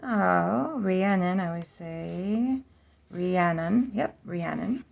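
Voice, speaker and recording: A woman talks casually through a card deck, often slowing down to sound out a name and repeat it. Her voice sits a little low and has a gravelly edge, and her delivery stays relaxed and chatty. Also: lo-fi sound. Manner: chatty, practicing name pronunciations slowly and repeatedly. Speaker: oracle deck reviewer. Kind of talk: casual flip-through vlog.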